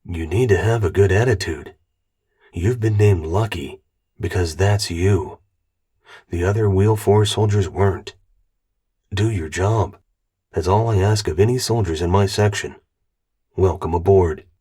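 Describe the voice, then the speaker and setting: Guy playing a steady no-nonsense squad leader, low, dark tone. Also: a little slow, pauses often, husky. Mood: stern. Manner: firm, blunt, commanding. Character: steady male squad commander, firm and blunt.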